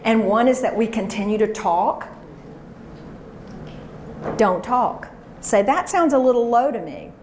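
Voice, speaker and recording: A woman's voice: a little high, expressive, measured pace, long pauses, a little mellow. Echoey woman speaker coaching a crowd. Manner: coaching audience to repeat phrases. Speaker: professional speaker. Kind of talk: motivational seminar talk. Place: conference room before an audience. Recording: echoey room with faint hiss.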